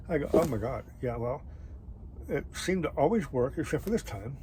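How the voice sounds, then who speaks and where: A middle-aged man casually telling a travel story, rambling and halting with many fillers and restarts. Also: medium pitch, animated, darkish tone, slight background noise, low-quality recording. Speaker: travel vlogger.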